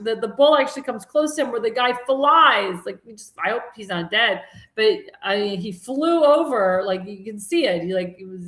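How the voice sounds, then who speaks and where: A woman's voice: medium pitch, a bit bright. Woman, talk show host, casual rambling chat, echoey room. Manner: chatty, rambling, laughs at her own jokes. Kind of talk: casual live-stream commentary.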